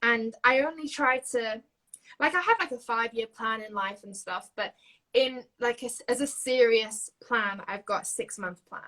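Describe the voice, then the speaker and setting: Bright, chatty young Yorkshire woman. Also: fairly high pitch, moderate pace, low-quality recording. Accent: Yorkshire English. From Yorkshire, England. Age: young adult. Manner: chatty, giggly, lots of fillers. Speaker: singer-songwriter guest. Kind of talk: casual interview chat.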